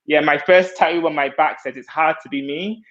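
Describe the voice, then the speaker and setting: A man's voice: fairly high pitch, steady tone, fairly quick, a bit bright, muffled recording. A male hairstylist speaking earnestly and reflectively on a video call, sharing his experience as a self-taught artist. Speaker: hairstylist guest. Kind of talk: heartfelt conversational sharing.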